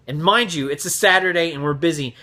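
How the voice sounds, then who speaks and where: A man vlogger telling a casual story in an animated, profane way, acting out the voices. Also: a little high, a little fast.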